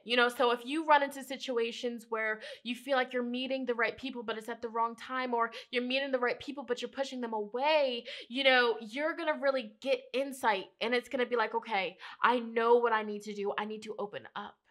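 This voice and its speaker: Earnest higher-pitched woman reading tarot. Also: fairly even intonation, fairly quick, few pauses, a bit bright. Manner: emotional, earnest, repeats phrases, addresses viewers as you guys. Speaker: tarot reader. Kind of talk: pick-a-card tarot reading to viewers.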